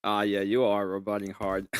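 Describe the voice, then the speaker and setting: A man's voice: medium pitch, noisy background. Stammering, joking male stream co-host. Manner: joking, stammering, laughs often. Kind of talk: casual live-stream banter.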